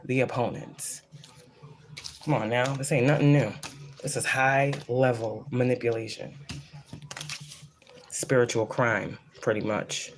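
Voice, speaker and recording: A woman giving a casual psychic reading, blunt and profane, who repeats phrases for emphasis. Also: extremely low pitch. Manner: blunt and profane, rambling, preachy. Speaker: psychic reader. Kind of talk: casual channeled spiritual reading.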